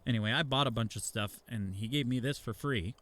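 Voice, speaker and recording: An easygoing man rambles through stories on a beer-tasting podcast. His speaking voice sits at an average middle pitch. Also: a little fast, a bit bright. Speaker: podcast co-host. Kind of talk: casual chat.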